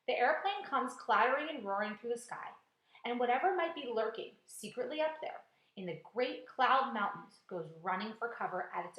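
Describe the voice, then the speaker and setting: A woman, a teacher, reading a storybook aloud in an expressive, dramatic way with hushed quiet passages. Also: a little high. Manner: expressive, dramatic, drops to a hush for quiet scenes. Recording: echoey room.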